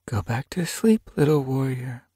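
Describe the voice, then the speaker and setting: A man voicing a gentle, sleepy mother cat in an audiobook, soft and purring, mildly chiding. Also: lowish voice, steady tone, moderate pace, husky, no echo, clean studio sound, voice pushed up. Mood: fond.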